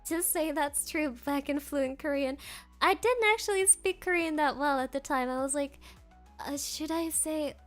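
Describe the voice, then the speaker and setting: A woman streamer talks to her chat in a high, bright voice, giggling between stories and reading comments aloud. Faint music plays quietly behind her. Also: normal speed. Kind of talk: casual chat with chat readers.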